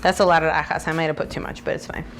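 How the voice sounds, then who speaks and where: This woman talks very fast in a low-pitched, level tone, with a little hiss or hum on the recording. Spanish is her first language, and she hosts a casual cooking vlog from her home kitchen, bubbly and chatty with jokey asides as food sizzles.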